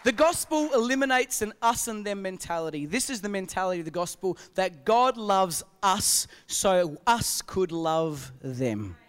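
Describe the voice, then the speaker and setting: A man's voice: sits high, lively intonation, measured pace, hardly any pauses, a bit bright, smooth. A man from Australia with an Australian accent, preaching a sermon as pastor and putting emphatic rhetorical questions to his congregation in a church hall. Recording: long reverb of a large hall.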